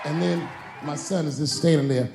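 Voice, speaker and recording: A man's voice: a little high, moderate pace, vocal fry, roomy sound, background noise. A man telling a long, profane stand-up story, acting out the people in it. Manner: profane, animated, acts out characters. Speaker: stand-up comedian.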